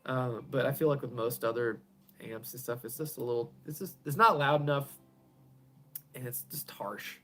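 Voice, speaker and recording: A man's voice: medium pitch, moderate pace, bright, forceful tone, soft background music. Man, casual live-stream chat, rambling, chuckling, trailing off, home garage. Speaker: pedal builder hosting a live stream.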